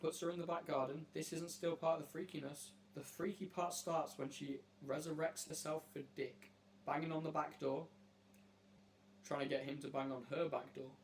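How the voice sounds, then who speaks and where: A man's voice: fairly high pitch, fairly even intonation, normal speed, slight background noise. A man hosting a casual chat with strangers, joking in a brash, mock-serious way and swearing freely. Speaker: host asking strangers on a video chat app.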